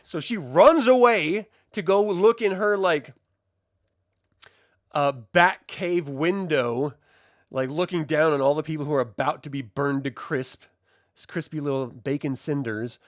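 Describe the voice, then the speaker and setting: A man's voice: a little high, a little slow, no echo, studio quality. A man casually reviewing a TV episode, rambling and joking as he recaps. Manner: jokey, rambling, animated.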